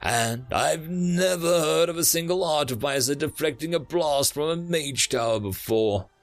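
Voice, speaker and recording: A man's voice: a little high, measured pace, no echo, soft background music, voice pushed up. A man voicing a seasoned male officer who talks emphatically, in an audiobook reading. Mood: emphatic.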